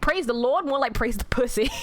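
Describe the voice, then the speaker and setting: A woman's voice: high voice, a little hiss or hum. A woman streamer chatting casually with her viewers, teasing them in theatrical mock-villain banter and swearing freely. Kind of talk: casual livestream chat with viewers.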